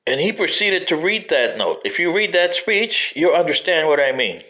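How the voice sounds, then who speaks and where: A man's voice: fairly high pitch, very animated, normal speed, pushed and bright, low-quality recording. A man giving a rambling spoken history commentary, digressive and wry, sometimes addressing politicians directly.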